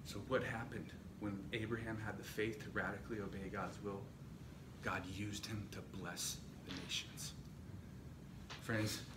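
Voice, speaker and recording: Man preaching in an echoey hall. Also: lowish voice. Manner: dramatic storytelling, rising and falling intensity. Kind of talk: sermon. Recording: echoey room, distant mic, noisy.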